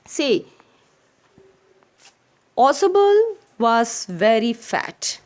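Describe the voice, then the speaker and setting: A woman teacher whose voice is medium in pitch and somewhat dark reads a textbook chapter to children in an Indian English accent. Along the way she repeats phrases and stops to define words.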